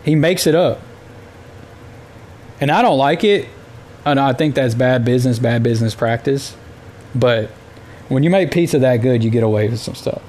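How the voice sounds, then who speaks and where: A man's voice: medium pitch, moderate pace, long pauses, darkish tone, slight background noise. A man from the United States hosting a casual solo podcast, telling rambling, exasperated stories with plenty of filler words. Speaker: podcast host.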